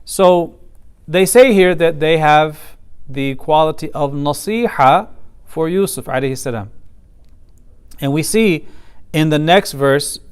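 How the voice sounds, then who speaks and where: A man giving a class lecture in a somewhat high, smooth and clear voice. He explains methodically, leans on key points and recites Arabic phrases along the way. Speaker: teacher of a Quran commentary class.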